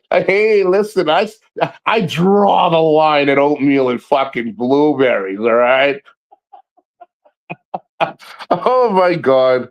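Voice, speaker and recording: Animated, foul-mouthed livestreaming man. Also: a little high, takes it slowly, long pauses. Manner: profane and animated, addresses chat viewers by name; laughs often and repeats himself. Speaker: livestream host. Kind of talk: casual livestream rant.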